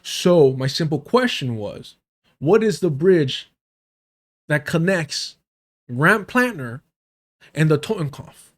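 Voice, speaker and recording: A man's voice: on the high side, lively intonation, slow, long pauses. A man commenting on a live stream in a heated, sarcastic and profane way. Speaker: streamer reacting to a debate.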